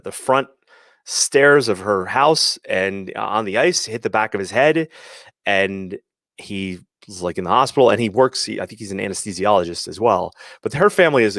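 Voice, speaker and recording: Man, slightly low voice, dry close sound; loose live-stream host who rambles, restarts and acts out little quotes. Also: gravelly, a bit bright, no echo. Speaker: host of a sports parenting show. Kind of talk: casual live-stream talk.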